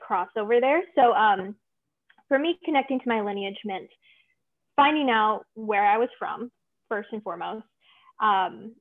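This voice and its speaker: Young woman guest, earnest casual talker, recorded over a tinny phone-like remote line. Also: mid-range voice. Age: young adult. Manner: earnest, many fillers and "like". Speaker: guest, tarot reader and witch. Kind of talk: casual interview chat.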